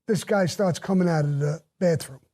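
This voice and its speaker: A man's voice: a little high, normal speed, warm tone. An older man bluntly recounting his past in a casual, profane storytelling way, with faint music behind.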